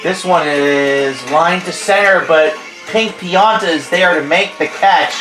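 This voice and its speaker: Speaking slowly in a higher voice, a stuffy-nosed host gives play-by-play commentary on a video game, joking around and frequently correcting himself. Game music plays behind him in a roomy-sounding recording.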